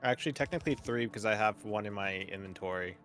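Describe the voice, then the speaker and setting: A man's voice: on the low side, fast, fairly bright tone, a little hiss or hum. A man playing a co-op game as a guest, chatting in a hesitant, focused, slightly unsure way. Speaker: guest co-op player. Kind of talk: casual co-op gameplay chat.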